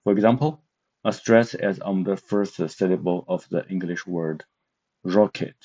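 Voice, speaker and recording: A man's voice: low voice, normal speed, warm tone. A man teaching an online language lesson, speaking with many hesitant filler sounds. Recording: dull lo-fi sound.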